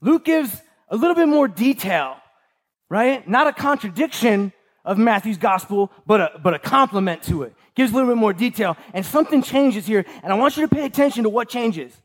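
A man's voice: very high-pitched, expressive, moderate pace. A man preaching a sermon in an emphatic way, repeating key lines and tossing in rhetorical asides to the congregation. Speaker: pastor.

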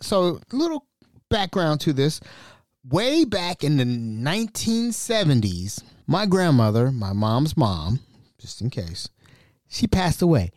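Animated male podcast host, dry sound. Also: fairly high pitch, slow pace, dry recording. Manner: animated, exasperated retelling. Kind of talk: casual storytelling.

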